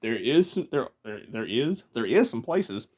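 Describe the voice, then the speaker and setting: Easygoing man, lively voice. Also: medium pitch, muffled recording. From Georgia, US. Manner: laid-back, chuckling, halting restarts. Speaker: vlogger. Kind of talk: casual rambling vlog.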